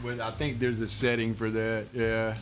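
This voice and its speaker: A man's voice: on the low side, completely flat delivery, normal speed, background noise. A man chatting casually with viewers while streaming a truck driving game, laid-back and laughing often. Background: faint music.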